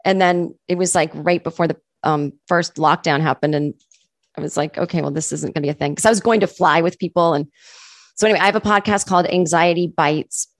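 A chatty woman comedian, a guest on an interview show, with a faint Boston accent softened by California. Her voice sits low, and she talks in self-deprecating, animated asides. The recording is dry and close. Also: a little fast, dry recording. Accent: faint Boston with California touches. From Boston area, USA. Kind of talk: casual interview chat.

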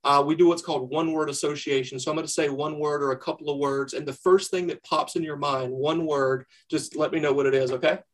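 A man hosts a fan podcast and interviews his guest in an easygoing, talkative manner. His voice is a touch high, and he fills his questions with uhs and you-knows. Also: steady tone, brisk, few pauses. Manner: friendly, chatty, lots of fillers. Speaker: podcast host.

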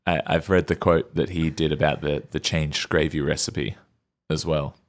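A man co-hosting a podcast, chatting casually and reacting with quick, easygoing remarks. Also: rumbling low, level tone. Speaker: podcast co-host. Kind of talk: casual chat.

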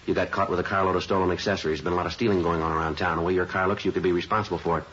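A man's voice: sits low, steady tone, racing, fairly bright tone, breathy edge. An actor playing a terse police detective who narrates his case in a clipped, matter-of-fact way, in a 1950s radio crime drama. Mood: firm. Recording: lo-fi old radio recording with music.

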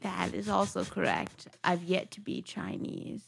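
A woman's voice: fairly low pitch, very animated, a little slow, gravelly, slightly rough. A young woman co-hosting a casual film review podcast, playful and jokey, sometimes dropping to a whisper. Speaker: podcast co-host.

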